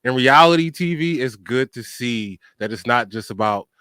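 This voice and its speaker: A man's voice: medium pitch, lively intonation, moderate pace, bright, forceful tone, dry recording, studio quality. A man hosting a podcast in casual interview chat, easygoing and supportive, laughing along with his guest. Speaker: podcast host.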